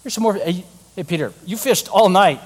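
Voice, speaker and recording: A gentle, teasing teacher, put on by a preacher in a fairly high voice ribs his friends as he offers them food. The tone is friendly and playful, and the room adds a long reverb. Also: lively intonation, normal speed. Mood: teasing, kind. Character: kind, teasing adult male teacher.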